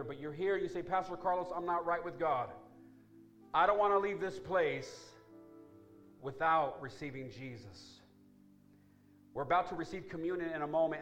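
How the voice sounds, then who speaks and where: Over gentle background music in a church sanctuary, a man preaches a sermon ending in an altar call. His delivery alternates between mounting, forceful build-ups and quiet, low-voiced appeals.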